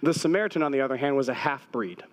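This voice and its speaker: Male pastor, mid-pitched voice, conversational sermon delivery with repeated key phrases. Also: rapid-fire, dull audio.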